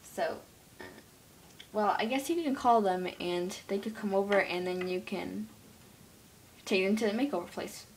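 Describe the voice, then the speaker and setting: A woman voicing a sweet, fussy mother pet in a home-made toy pet role-play, who talks gently and calls everyone honey. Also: medium pitch, normal speed, long pauses, a little hiss or hum, close to an everyday voice, poor audio. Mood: gentle.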